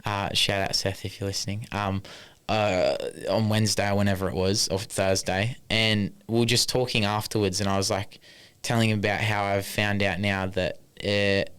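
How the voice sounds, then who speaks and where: Male podcast co-host, casual and rambling, deep smooth voice. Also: flat delivery, normal speed, a bit bright. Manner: rambling, swears casually, lists numbers. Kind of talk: casual chat.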